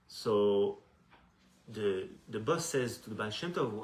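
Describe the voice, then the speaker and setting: A man, a rabbi, telling a story in a sermon, animated and often restarting his sentences. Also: fairly low pitch, slow. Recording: echoey room, faint noise.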